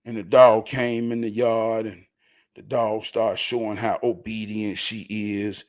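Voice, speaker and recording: Telling a story on his own show, a man keeps a measured pace while his animated delivery shifts between quiet mutters and loud, excited shouting.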